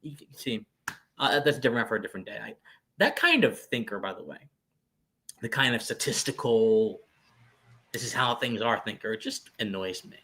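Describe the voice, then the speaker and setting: A man's voice: fairly low pitch, big pitch swings, brisk, sharp tone. A man co-hosting a podcast, giving lecturing philosophical commentary with searching restarts and sudden emphatic jumps. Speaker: podcast co-host.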